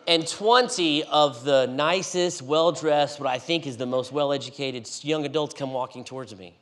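A man preaching in a church, telling a story with animated swings between loud and hushed delivery. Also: high voice, normal speed, few pauses. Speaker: guest preacher. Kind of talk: storytelling sermon.

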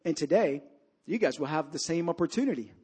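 High-voiced man preaching a sermon. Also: animated, brisk, husky. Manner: storytelling preacher, swings from loud emphatic to low quiet. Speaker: pastor.

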